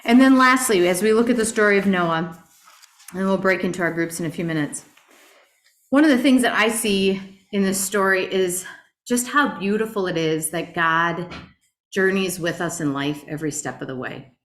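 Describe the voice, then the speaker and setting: A middle-aged woman teaching a Bible study class in an earnest, animated way, asking her group rhetorical questions. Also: mid-range voice, moderate pace. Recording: roomy echo.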